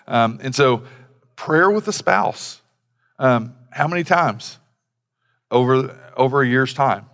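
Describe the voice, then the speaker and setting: A man's voice: expressive, slow, a bit bright. A middle-aged man preaching in a conversational, rambling way, full of fillers and restarts, with acted-out bits of dialogue. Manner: acts out quoted dialogue in a lower voice. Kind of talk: sermon on family devotions. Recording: long hall reverb.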